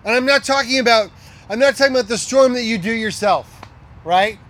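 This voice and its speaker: High-voiced middle-aged man preaching. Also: brisk. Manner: emphatic, repeats key lines, drops to a hush for quoted words. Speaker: pastor. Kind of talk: sermon.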